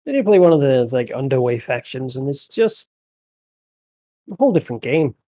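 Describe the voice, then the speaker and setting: A man talking through his moves in a relaxed way while playing a co-op strategy game. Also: mid-range voice, normal speed, dry recording, muffled recording. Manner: relaxed, thinking aloud with small restarts. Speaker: co-op game player. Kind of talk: casual gameplay chat.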